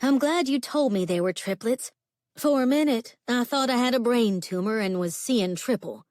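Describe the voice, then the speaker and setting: A woman voicing a brash young barmaid who cracks jokes in a loud, lively way. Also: a little high, moderate pace, no echo, clean studio sound, pitched above the performer's own voice, natural voice. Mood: joking. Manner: brash, wisecracking.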